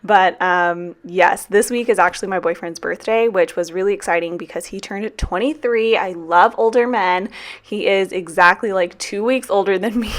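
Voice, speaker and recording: A woman's voice: fairly low pitch, moderate pace, a bit bright. A woman in her twenties chatting casually in a voiceover for her planner vlog. She is tired and drained, and she rambles and swears freely. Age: 20s. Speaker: planner vlogger and teacher.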